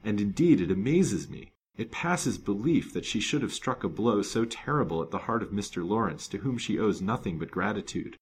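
A man's voice: on the low side, expressive, normal speed, few pauses, a little hiss or hum. A man reading the part of a resolute, gallant detective in a storybook, grave and determined. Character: determined, gallant male detective, kind but stern.

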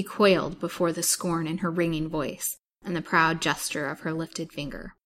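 Lowish-voiced woman narrating a novel. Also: fairly even intonation, moderate pace, fairly bright tone, slight background noise. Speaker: storyteller. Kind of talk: reading a serialized novel aloud.

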